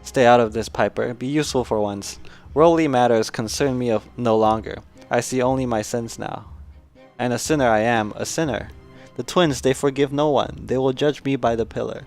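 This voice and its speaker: A man voicing a mad, guilt-ridden old nobleman, in a hushed, desperate and scornful manner, for a story game. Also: mid-range voice, steady tone, moderate pace, vocal fry, faint music behind, lightly acted. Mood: commanding.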